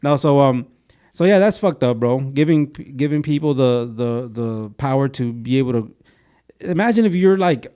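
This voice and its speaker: A man's voice: mid-range voice, expressive, normal speed, warm tone, clean tone. A young man co-hosting a podcast in casual, slangy talk, saying "bro" a lot and slipping into Spanish words. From Mexico. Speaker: podcast co-host.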